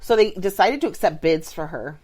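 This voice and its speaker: A woman's voice: on the low side, animated, a little fast, darkish tone, breathy edge. A woman co-hosting a podcast, telling a story in casual chat with lots of "like" and "um". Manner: chatty, filler-heavy storytelling with many "like" and "um". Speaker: podcast co-host.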